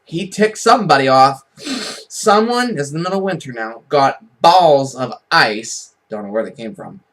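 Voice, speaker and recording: A man casually telling rambling, joking stories on a home recording, chatty and quick to laugh at his own jokes. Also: mid-range voice, expressive, a bit bright, rough recording. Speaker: vlogger. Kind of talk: casual storytelling.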